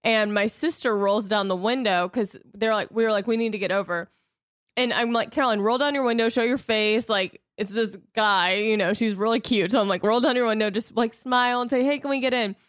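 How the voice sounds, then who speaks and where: Woman, 30s, podcast co-host: bright chatty storyteller, laughs a lot, close dry studio sound. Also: on the high side, brisk, no echo. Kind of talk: casual chat.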